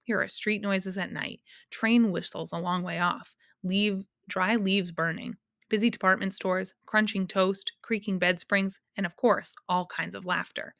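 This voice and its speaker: A gentle, sorrowful keeper of sounds, as a woman reads her, soft-spoken and sighing. Her pitch sits in an ordinary middle range, and the recording is dry and close. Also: dry recording, close to an everyday voice. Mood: tender.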